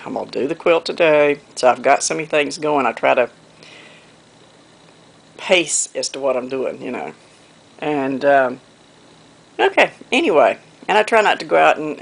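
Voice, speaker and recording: A woman's voice: low voice, gravelly. A woman from North Carolina with a Southern accent, chatting casually to her viewers while hand quilting. She rambles in a folksy way and often trails off before picking the thread back up. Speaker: quilting vlogger.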